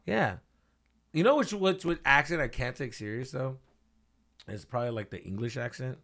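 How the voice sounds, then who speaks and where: A man co-hosting a comedy podcast, talking in a casual, profane, animated way with mock voices. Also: mid-range voice, normal speed, gravelly. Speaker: podcast co-host.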